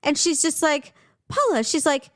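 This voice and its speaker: A woman's voice: medium pitch, normal speed, no echo, studio quality. A woman in her forties co-hosting a podcast, telling stories in a casual chat and acting out the people she quotes. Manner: animated storytelling, acting out quoted voices. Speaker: podcast co-host.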